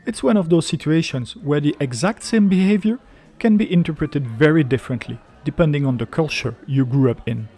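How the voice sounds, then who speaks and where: With a fairly quick delivery and a voice on the high side, a man hosts a travel video. His scripted narration is lively and explanatory, backed by faint music.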